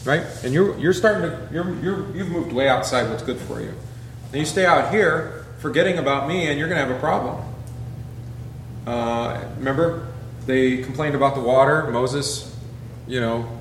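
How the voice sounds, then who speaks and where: A man, a pastor, teaching a Bible class in a relaxed conversational way, peppering it with rhetorical questions and asides. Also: medium pitch, normal speed, roomy sound, slight background noise.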